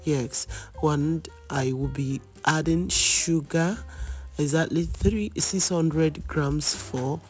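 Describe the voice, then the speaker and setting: A baking host talks viewers through a cake recipe in a hoarse, worn voice at a middling pitch. The delivery is chatty and reassuring, and key advice gets repeated. Faint music plays underneath. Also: takes it slowly, a little mellow. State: hoarse, lost voice. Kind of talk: cooking tutorial.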